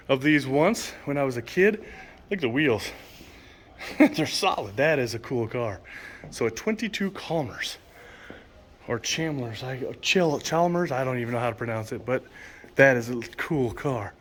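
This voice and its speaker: Walking through an indoor car museum hall, a male vlogger narrates casually and reads exhibit signs aloud with enthusiasm, sometimes getting names wrong. He has a mid-range voice, and there's slight background noise.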